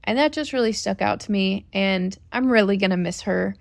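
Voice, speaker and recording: A woman's voice: medium pitch, moderate pace, gravelly, no echo. A woman co-hosting a family podcast, telling a personal story in an earnest, reflective way. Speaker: podcast co-host. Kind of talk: casual storytelling chat.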